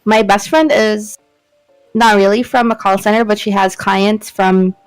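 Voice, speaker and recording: Filipino woman chatting with halting restarts. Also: medium pitch, steady tone, clear, resonant tone, no echo, soft background music, low-quality recording. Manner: halting, repeats words, emotional. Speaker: streamer co-host. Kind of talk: casual Taglish chat.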